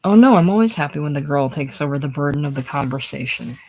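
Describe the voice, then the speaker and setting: A woman's voice: deep voice, lively intonation, quick pace, darkish tone, a little hiss or hum, low-quality recording. A woman reading the lines of a nervous, shy young man who answers briefly and awkwardly.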